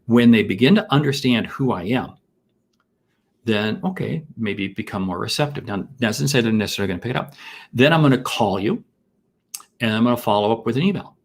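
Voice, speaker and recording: A middle-aged American man hosting a live sales masterclass, enthusiastic and full of rhetorical questions and shout-outs to viewers. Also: mid-range voice, animated, fairly quick. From United States. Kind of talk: energetic live-stream teaching.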